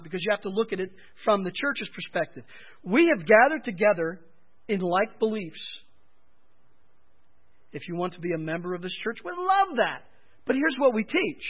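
A man's voice: sing-song, normal speed, pauses often, husky. A male pastor preaching a sermon, emphatic, often raising his voice to drive points home. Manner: emphatic, rising in pitch and volume for stress. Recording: dull lo-fi sermon recording.

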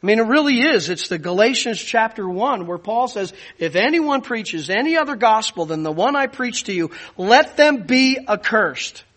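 A man's voice: sits high, expressive, moderate pace, hardly any pauses, a bit bright. A man preaching a sermon, earnest and emphatic, teaching with asides to the congregation. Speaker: pastor.

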